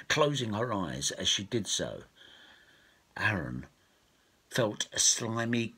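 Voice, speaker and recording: A man reading his own storybook aloud, slow and expressive. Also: sits low, breathy edge. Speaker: author and storyteller. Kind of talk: storybook narration.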